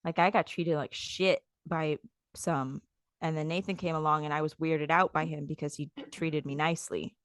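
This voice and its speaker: A woman in her thirties co-hosting a podcast in casual chat, telling stories animatedly and acting out quotes loudly. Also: sits low, fairly even intonation, normal speed, dry recording, studio quality. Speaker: podcast co-host.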